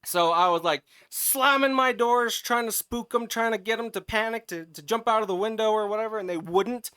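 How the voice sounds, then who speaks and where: Podcast co-host, male, bright clear voice, dry close mic, animated and foul-mouthed storyteller. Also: high voice, moderate pace, no echo. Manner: animated, profane, swings into loud yelling when retelling. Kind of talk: casual chat, storytelling.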